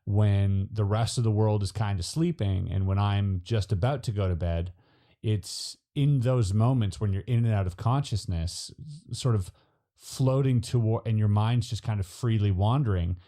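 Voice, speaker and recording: A man interviewing a guest, musing in a relaxed way with lots of fillers. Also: on the low side, moderate pace. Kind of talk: casual interview chat.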